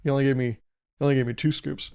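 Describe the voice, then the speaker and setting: A man's voice: mid-range voice, fairly even intonation, very fast, gravelly, a little mellow, clear, resonant tone. A man hosting a solo podcast, rambling through jokey analogies and laughing at his own jokes. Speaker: podcast host. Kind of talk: solo comedic podcast monologue.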